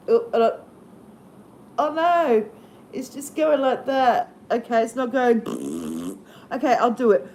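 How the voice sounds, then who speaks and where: A woman's voice: fairly high pitch, sing-song, slow pace, long pauses, a little mellow, a little hiss or hum. A middle-aged Australian woman chatting casually on her live stream, rambling and self-deprecating and laughing easily at herself.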